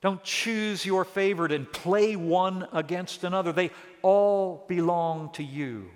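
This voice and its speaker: A man preaching an expository sermon, switching between quiet stress and rising, emphatic exclamations. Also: sits high, unhurried. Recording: long reverb of a large hall.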